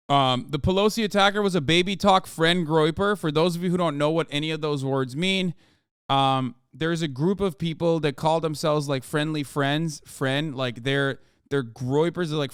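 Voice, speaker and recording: A man's voice: fairly high pitch, clean tone, no room sound, studio quality. A man streaming, reacting to news and reading articles aloud, ranting and swearing between passages. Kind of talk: profane political commentary and article reading.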